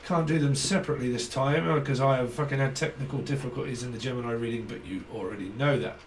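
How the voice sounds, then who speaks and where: A man's voice: medium pitch, quick pace, distant mic, noisy background. A man giving a casual channelled tarot reading, rambling, swearing often and laughing between thoughts. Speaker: tarot reader.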